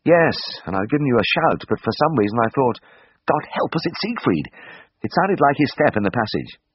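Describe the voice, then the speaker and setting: A man reading aloud, voicing a panicky young man who talks in quavering, hurried bursts, in a slightly dull recording. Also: medium pitch, sing-song, husky, no room sound, pitched above the performer's own voice. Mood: sheepish.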